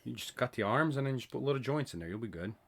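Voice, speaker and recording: A man with a mid-pitched, lively voice banters with his co-host during a toy review. He teases and pokes fun in a dry, offhand way. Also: rapid-fire, gravelly. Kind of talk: casual review chat.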